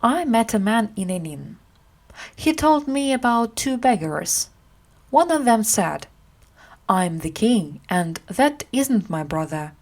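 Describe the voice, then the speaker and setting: A woman voicing a calm, clever grown knight in a storybook, reassuring and slow. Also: on the high side, heavily acted.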